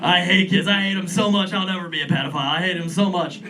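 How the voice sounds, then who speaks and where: A man's voice: sits high, fast talker, far from the mic. A young man doing a stand-up set in a comedy club, rambling and chuckling at his own jokes. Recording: club room, crowd laughter. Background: audience laughter.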